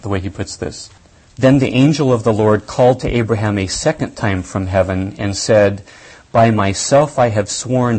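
Guy teaching a bible class, husky lowish voice, talks it through slow and careful. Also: a little mellow, poor audio. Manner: deliberate, thinking aloud with restarts and emphasis. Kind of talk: lecture on scripture.

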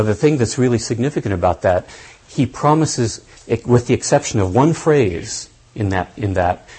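A man giving a lecture on scripture, thinking aloud deliberately and stressing key points. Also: fairly low pitch, warm tone, breathy edge, rough recording. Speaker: Bible teacher.

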